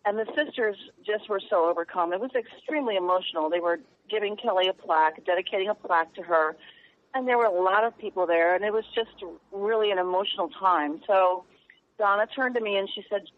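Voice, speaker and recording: A woman journalist speaking as a radio guest in an earnest, halting, heartfelt way. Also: medium pitch. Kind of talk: phone-in radio interview. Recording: tinny phone line.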